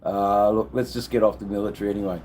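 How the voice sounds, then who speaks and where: A man's voice: fairly even intonation, a little mellow, slight background noise. An Australian man hosting a live stream, rambling and swearing freely as he greets viewers in the chat. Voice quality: deep, unhurried voice. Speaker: livestream host.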